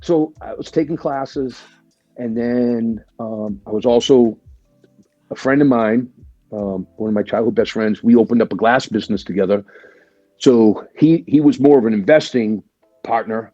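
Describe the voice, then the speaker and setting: Casting note: man in his forties, an animated interview guest, warm husky voice on a dry, somewhat muffled podcast mic. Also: medium pitch, normal speed, no room sound, faint music behind. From Boston area, USA. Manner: chatty and animated, swears freely, leans on "right?" and "like". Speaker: guest, military veteran. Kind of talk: casual storytelling interview.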